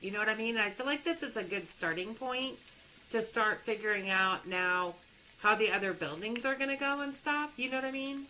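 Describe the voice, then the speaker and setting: A woman's voice: fairly high pitch, normal speed, sharp tone, a little hiss or hum, poor audio. A young woman with a Texas accent, chatting animatedly as she hosts a live game stream and laughs often.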